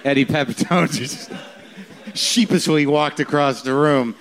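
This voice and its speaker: A man hosting a live podcast taping, jumping in with quick questions. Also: on the high side. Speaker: podcast host. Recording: live crowd in the room.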